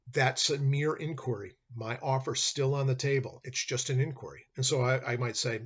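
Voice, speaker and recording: A man's voice: medium pitch, fairly quick, hardly any pauses, slightly rough. A man, a law professor, giving a conversational lecture and acting out little dialogues from his examples. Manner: acts out dialogue in hypotheticals, conversational. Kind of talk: recorded classroom lecture. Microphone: computer webcam mic. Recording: dull lo-fi webcam recording.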